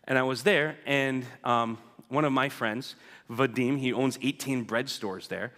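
In a church sanctuary, a guest speaker reports on his mission work with a casual, joking talk, often asking "right?" and acting out what people said. His medium-pitched voice is unhurried and a bit bright, and the church hall carries a long reverb.

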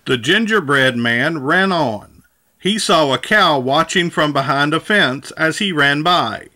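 A male storyteller reading a children's picture book aloud. He takes a very slow, measured pace, and his voice is bright and slightly high. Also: animated.

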